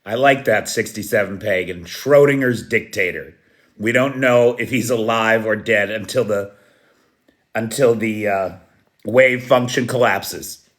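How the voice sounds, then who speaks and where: A man's voice: lowish voice, measured pace, fairly bright tone. A man hosting a casual live stream, greeting viewers by name and chuckling at his own jokes. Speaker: livestream host. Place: Kyiv.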